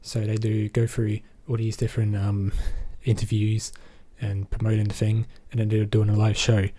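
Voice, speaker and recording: Rambling loosely through a film's plot, an Australian movie reviewer leans on fillers like "basically" and "um" in this casual spoken recap. His low, mellow voice has a husky edge, and he stays flat and even throughout at a moderate pace.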